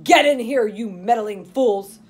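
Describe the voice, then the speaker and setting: A husky-voiced woman voicing a menacing male street criminal who barks orders in a slow sneer. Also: a little high, big pitch swings, darkish tone, exaggerated voice.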